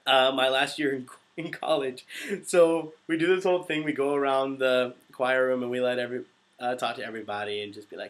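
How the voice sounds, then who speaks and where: A man's voice: medium pitch, a bit bright. A young man, a voice actor, chatting casually on a live stream, reading out viewer questions and laughing often. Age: young adult. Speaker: voice actor answering live chat.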